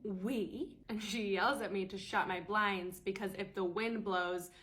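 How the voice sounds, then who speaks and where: A woman in her late twenties tells a story straight to camera, quick and animated. Her voice is a plain mid pitch, and her telling carries steady exasperation. The talk is loose and chatty. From United States. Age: late 20s. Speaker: storyteller vlogger. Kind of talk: casual storytime.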